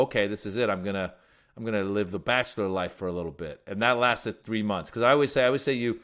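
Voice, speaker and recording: A man from Iran, a guest comedian, telling stories in a casual, animated way. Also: on the low side, clear, resonant tone. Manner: animated storyteller. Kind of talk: casual storytelling.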